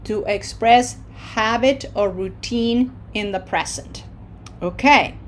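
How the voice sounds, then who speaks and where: A woman teaching a recorded Spanish lesson, patient and encouraging, modeling words slowly for learners to repeat and checking in with frequent okays. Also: mid-range voice, a little hiss or hum. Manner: slow, patient, drills with repetition.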